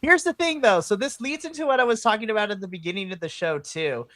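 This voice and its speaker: Excitable bright-voiced woman co-host. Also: medium pitch, fast, no room sound. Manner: excitable, laughing, swearing. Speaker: podcast co-host. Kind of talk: casual chat.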